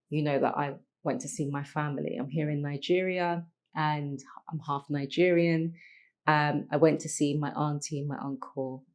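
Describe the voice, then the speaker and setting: Brief: middle-aged woman, guest telling her life story, low voice, halting and reflective. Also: darkish tone. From London, England. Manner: reflective, halting, with many restarts and pauses. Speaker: podcast guest. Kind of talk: emotional personal storytelling.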